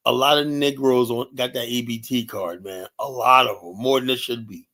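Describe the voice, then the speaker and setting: A man's voice: medium pitch, fairly even intonation, moderate pace, pushed and bright. A man hosting a livestream, talking in a grumpy, profane, rambling way. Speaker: livestream host. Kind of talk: casual ranting livestream talk.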